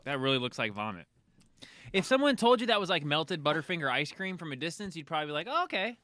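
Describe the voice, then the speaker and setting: Guy hosting, chatty and animated, kinda high bright voice, jokes around. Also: fast. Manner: lively, narrates what others do, laughs often. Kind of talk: casual group banter.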